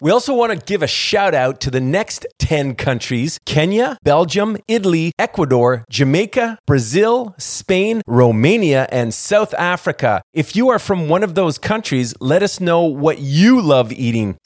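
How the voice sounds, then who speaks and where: A man's voice: on the high side, measured pace, few pauses, no echo, studio quality. Wisecracking man podcast co-host. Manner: jokey, deadpan wisecracks and silly guesses. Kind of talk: casual podcast chat.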